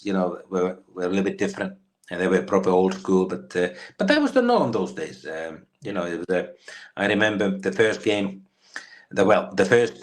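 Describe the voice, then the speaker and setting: Finnish ex-footballer, 50s, deep voice, loose anecdotal delivery with lots of ums. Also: male voice. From Finland. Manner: rambling, many fillers and restarts. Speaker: guest, former footballer. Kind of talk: storytelling interview.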